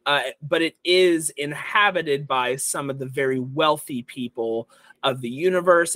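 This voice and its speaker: A young man narrating as dungeon master, explaining choices in a relaxed, rambling way. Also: mid-range voice, dry recording. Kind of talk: narrating a tabletop game.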